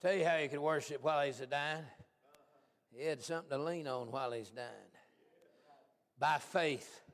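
A man pastor preaching a folksy, animated sermon, swinging from hushed asides to shouts. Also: fairly high pitch, normal speed. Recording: long hall reverb.

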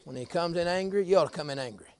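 High-voiced preacher, fiery. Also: male voice, racing, clean tone. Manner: folksy, drops to low murmurs then climbs to shouting. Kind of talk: fiery sermon.

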